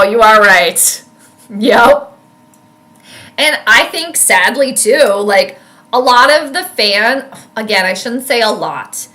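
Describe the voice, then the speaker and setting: An animated young woman commenting live on a football game from her home. Her voice sits fairly high and sounds bright and forceful. She chats casually with viewers and shouts at the plays. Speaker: sports commentator and astrologer streaming live. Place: home room with space heater.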